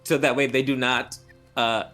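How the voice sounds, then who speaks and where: A tabletop game player chatting casually, animated and joking. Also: mid-range voice, normal speed, faint music behind.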